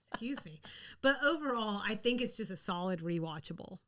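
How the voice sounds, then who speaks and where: A woman co-hosting a podcast in casual chat, chatty and quick to laugh. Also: medium pitch, animated, a bit bright. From the American South. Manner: chatty, laughs often, rambling restarts. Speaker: podcast co-host.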